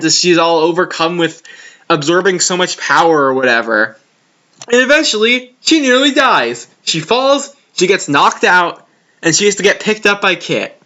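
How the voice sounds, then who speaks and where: A young man with a high, bright voice rants about a comic in casual commentary, his pitch swinging widely. He sounds exasperated and sarcastic, and the recording is dull and lo-fi. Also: big pitch swings, moderate pace. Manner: exasperated, sarcastic, laughs often.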